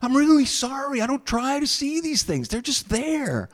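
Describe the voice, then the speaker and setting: A man voicing an excitable, shy young psychic man who speaks high and eager. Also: fast talker, vocal fry, exaggerated voice. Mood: anguished.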